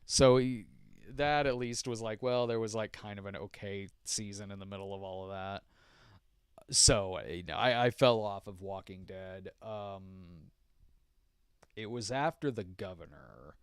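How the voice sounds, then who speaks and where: In clean studio audio with no room sound, a middle-aged man hosting a podcast works through viewer questions in a relaxed live stream. His fairly low, resonant voice is clear and unhurried, though he rambles, keeps restarting, leans on fillers and chuckles.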